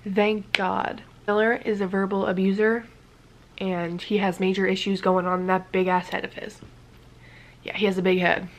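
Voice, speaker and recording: A woman's voice: mid-range voice, little pitch movement, moderate pace. A woman vlogger telling a casual story-time tale, rambling with many fillers and dipping into whispers now and then.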